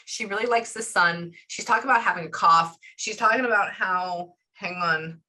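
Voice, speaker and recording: A woman, working as a medium in a casual session, relaying messages in quick chatty bursts. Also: medium pitch, pushed and bright, low-quality recording. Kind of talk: casual reading session with clients.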